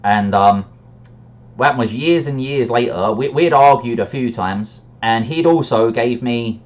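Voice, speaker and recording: A man's voice: mid-range voice, normal speed, lo-fi sound. A man telling a personal story in a reflective, candid way, often restarting his sentences. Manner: reflective and candid, with frequent restarts and brief laughs.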